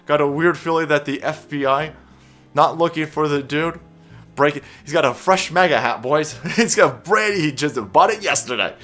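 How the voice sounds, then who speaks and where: A man's voice: on the high side, moderate pace, fairly bright tone, faint music behind. A man ranting as an online commentator, profane, sarcastic and heated. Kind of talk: political commentary rant.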